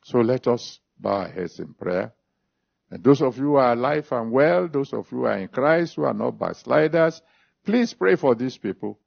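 A man's voice: mid-range voice, lively intonation, moderate pace, vocal fry, breathy edge. A man preaching a sermon, stressing and repeating scripture references, then leading an altar call and prayer. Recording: dull lo-fi recording.

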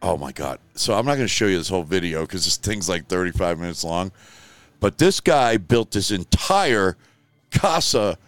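An older man hosting his own show, ranting in casual talk and swearing freely, dropping to a mutter and then flaring up loud. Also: sits low, no room sound. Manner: profane, rambling, swings from mutter to loud outburst. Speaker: show host.

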